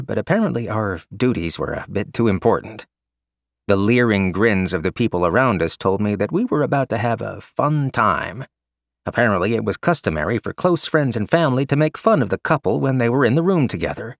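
A man's voice: sits low, no room sound, studio quality. A man reading a story aloud in a casual, wry narrating voice. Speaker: audiobook narrator. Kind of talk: scripted narration.

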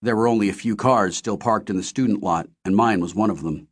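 A man with a fairly low voice narrates a novel in the first person. His reading is steady and measured, an audiobook storyteller.

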